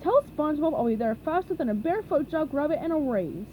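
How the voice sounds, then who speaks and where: A brisk, no-nonsense squirrel who speaks up loud and firm, as a woman reading a storybook puts her on. The voice is high and mellow. It moves a lot in pitch. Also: lively intonation, slight background noise, low-quality recording. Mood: helpful.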